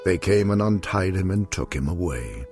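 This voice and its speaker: A man with a very deep voice reads a rhyming storybook poem in a measured, sing-song rhythm. Soft music plays faintly behind him. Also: lively intonation.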